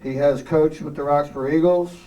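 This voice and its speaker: Mellow man introducing the next speaker. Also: a little high, fairly even intonation, brisk, dull audio. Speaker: master of ceremonies. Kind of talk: formal introduction. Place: banquet hall. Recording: distant mic in a hall.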